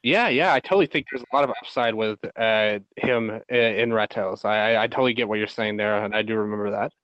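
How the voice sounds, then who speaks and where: Fast-talking agreeable male podcaster. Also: on the low side, no echo, dull audio. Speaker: podcast co-host. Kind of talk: casual wrestling chat.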